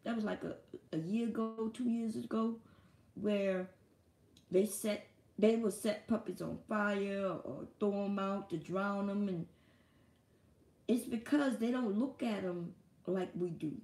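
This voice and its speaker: Gravelly-voiced woman streaming from home, swearing and cracking up as she tells it, echoey room. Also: medium pitch, measured pace. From United States. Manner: profane, animated, laughs often. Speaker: live streamer. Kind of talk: casual storytelling monologue.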